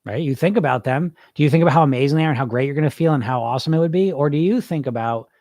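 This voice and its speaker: A man's voice: a little high, racing, darkish tone, no room sound. Blunt coaching man, dry close sound. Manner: informal and blunt, with rhetorical questions and mild swearing. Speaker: weight loss hypnosis coach. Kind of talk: live podcast talk answering listeners.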